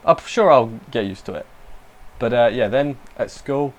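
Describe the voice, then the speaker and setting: A young man talks through an anime episode in a loose, rambling way. His voice sits at an ordinary middle pitch, and he keeps cutting himself off to add emotional asides. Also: animated, moderate pace. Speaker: anime reviewer. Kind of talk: casual spoken review.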